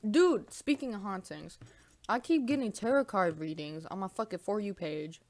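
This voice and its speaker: A young woman talks loosely and profanely into her camera at home, rambling between bites of food. Her pitch swings widely from phrase to phrase, giving her chatter a bouncy, animated lilt. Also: moderate pace, very noisy. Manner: talks while eating. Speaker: vlogger. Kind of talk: casual mukbang vlog chat.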